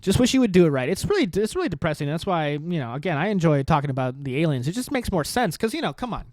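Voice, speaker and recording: Talking fast and very animated, this podcast host has a slightly high, darkish voice in a dry recording. His casual political rant is rambling, sarcastic and profane, loaded with rhetorical questions and repeated phrases.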